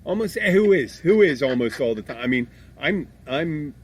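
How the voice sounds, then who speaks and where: A Philadelphia man hosts a casual podcast chat in a fairly high, animated voice that's a little mellow, at a moderate pace over slight background noise. Blunt and abrasive, he swears freely and keeps restarting sentences as he rambles.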